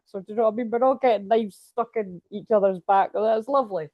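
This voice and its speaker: A woman's voice: mid-range voice, fast talker, hardly any pauses, highs cut off. A Scottish woman talking casually at home as a tarot reader, rambling and laughing often. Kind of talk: casual livestream chat.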